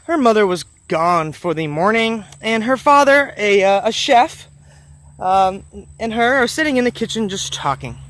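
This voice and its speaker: A man's voice: high-pitched, fairly bright tone. Rambling, earnest male storyteller. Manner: rambling, loose storytelling with many fillers; earnest, encouraging. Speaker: motivational vlogger. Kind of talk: storytelling vlog.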